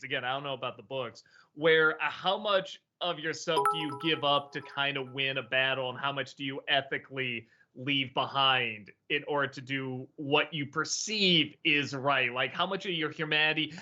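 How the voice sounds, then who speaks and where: Bright-voiced man, hesitant and laughing. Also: on the high side, lo-fi sound. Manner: hesitant, many ums, laughs easily. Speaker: show host and reviewer. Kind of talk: casual livestream chat.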